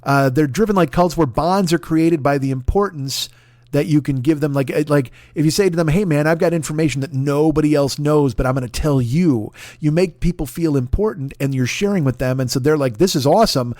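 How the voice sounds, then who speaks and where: 40s guy rambling on his podcast, swears a lot, jokey bragging, bit high voice, dry close mic. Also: a little fast, darkish tone, no room sound. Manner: profane, rambling, mock-boastful. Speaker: podcast host. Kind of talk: casual comedic podcast plug.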